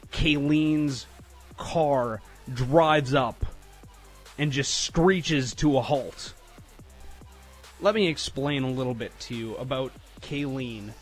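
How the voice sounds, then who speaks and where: A young man from Canada telling a story to his viewers, rambling with lots of fillers and frequent laughter. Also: medium pitch. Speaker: storytime vlogger. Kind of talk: casual storytelling.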